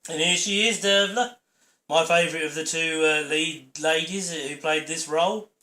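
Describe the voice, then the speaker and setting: Chatty man, bright roomy voice. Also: a little high, fairly even intonation, moderate pace. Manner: chatty, rambling, opinionated. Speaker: channel host. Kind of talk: DVD audio commentary. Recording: roomy echo.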